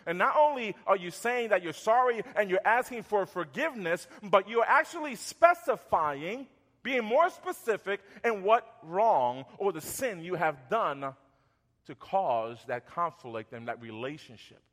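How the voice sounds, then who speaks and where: A man in his thirties or forties preaching a sermon as pastor, conversational, repeating words and going soft when acting out apologies. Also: on the high side, expressive, normal speed, big-room sound.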